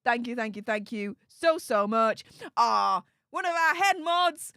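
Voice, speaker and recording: A woman hosting a live stream, reading chat and effusively thanking viewers in a casual, animated way. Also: a little high, a little slow, smooth, no echo, studio quality.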